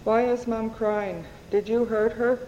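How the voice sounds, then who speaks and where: A woman's voice: fairly high pitch, fairly even intonation, measured pace, mellow, in a large hall, muffled recording, slight background noise, close to an everyday voice. A woman voicing a frightened, stubborn little girl who pleads insistently, while reading her novel aloud. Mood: pleading.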